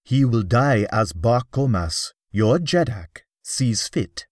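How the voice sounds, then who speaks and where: A man's voice: mid-range voice, lively intonation, slow, darkish tone, no room sound, clean studio sound. A man voicing a young Martian ruler who speaks with emphasis and dignity. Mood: dignified.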